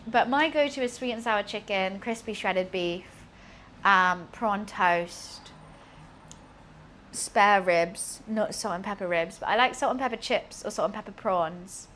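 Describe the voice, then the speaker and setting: Here a British cooking streamer, a young woman, talks at a measured pace in a medium-pitched, slightly bright voice over a little hiss or hum. She rambles with fillers while cooking in her home kitchen, chatty and self-deprecating, laughing at herself.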